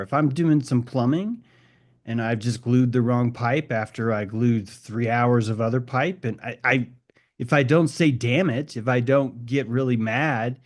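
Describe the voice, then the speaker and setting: Mid-pitched man, rambling discussion leader, casual swearing, thinks aloud. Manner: rambling, musing, swears casually, restarts often. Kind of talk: reflective group discussion.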